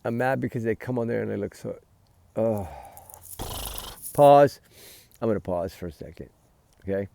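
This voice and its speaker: Gravelly, heated man ranting. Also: fairly low pitch, quick pace, mellow, slight background noise. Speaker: true-crime vlogger. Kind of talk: casual commentary. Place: outdoors by a fire pit at night.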